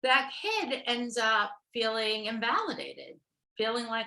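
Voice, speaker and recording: A woman's voice: fairly high pitch, big pitch swings, slow, gravelly, sharp tone. An American woman therapist giving a workshop lecture over a video call. She checks in with her listeners constantly, asking "okay?" and "right?". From United States. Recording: roomy echo.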